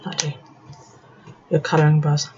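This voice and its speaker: A tipsy bullet journal vlogger, drinking as she works on her journal, chats casually, swearing and laughing a lot. Her voice is low-pitched, level and a little mellow, at normal speed. The lo-fi recording sounds dull, with faint background noise.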